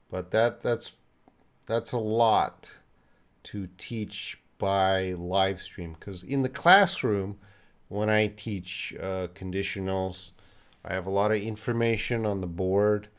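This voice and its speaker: A Canadian man runs a live-stream English lesson, answering chat questions and correcting sentences. His voice sits fairly low, and he talks at an unhurried, very slow pace. He explains patiently in simple words. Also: fairly even intonation, smooth. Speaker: English teacher.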